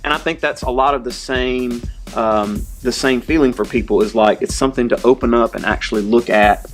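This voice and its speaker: A man interviewing a colleague, speaking in a thoughtful, measured way. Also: mid-range voice, soft background music. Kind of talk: conversational interview.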